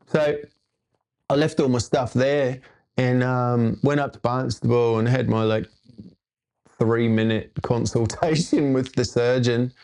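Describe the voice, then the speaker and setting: A man's voice: mid-range voice, steady tone, measured pace, a little mellow. A man hosting his own show, telling a personal story in a casual, rambling way with laid-back surfer slang. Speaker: host.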